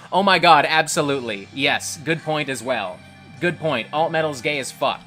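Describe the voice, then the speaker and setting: A man's voice: fairly high pitch, lively intonation, normal speed, bright, forceful tone, soft background music. A man hosting a livestream, reading chat and ranting in a profane, combative way. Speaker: livestream host.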